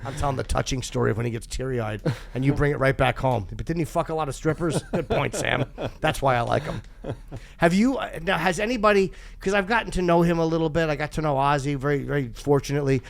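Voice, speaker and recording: Podcast host, a man with a raised, gravelly voice, rambling and self-mocking. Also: on the high side, fast. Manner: rambling, self-deprecating, laughs often. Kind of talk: casual chat, storytelling.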